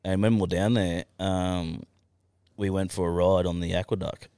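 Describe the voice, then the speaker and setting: A low-pitched Australian man yarns through his story as a podcast guest, swearing freely and chuckling along the way. The sound is close and dry. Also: level tone, normal speed, warm tone, clear, resonant tone, dry recording. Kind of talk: casual storytelling.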